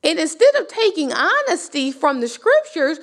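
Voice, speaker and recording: A woman's voice: very high-pitched, big pitch swings, moderate pace. A woman teaching a sermon in a conversational style, with rhetorical questions and passionate rises that climb to near cries. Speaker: Bible teacher.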